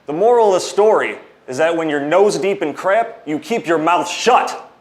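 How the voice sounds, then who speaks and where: A man's voice: fairly high pitch, lively intonation, normal speed. A man speaking as a wrestling champion, mocking his opponent and telling a taunting story. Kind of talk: trash-talking wrestling promo.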